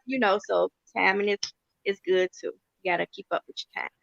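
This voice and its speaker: A woman's voice: mid-range voice, steady tone, fairly quick, creaky, muffled recording, very noisy. A woman nail tech talking casually and emphatically about her work. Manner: colloquial, emphatic. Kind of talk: casual chat.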